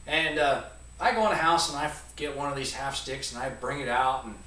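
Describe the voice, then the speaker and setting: A man around forty, telling a comic story to an audience in a rambling, animated way. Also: medium pitch, brisk. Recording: echoey room, voice from a distance.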